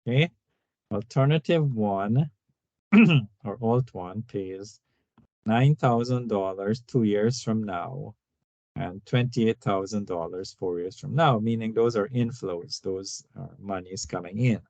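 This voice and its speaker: A low-voiced man talks slowly through a tutorial, step by step, pausing to check in with his students. The sound is dull and lo-fi, with a dry, close feel and no room around it. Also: a little mellow, dry recording. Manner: unhurried, explanatory, frequent "all right" check-ins. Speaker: instructor. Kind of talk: screen-recorded tutorial walkthrough.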